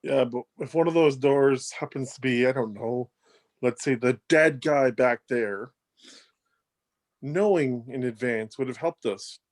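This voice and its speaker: A man's voice: mid-range voice, unhurried. A man playing in a tabletop game, talking in blunt, sarcastic banter. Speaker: player. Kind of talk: casual tabletop play.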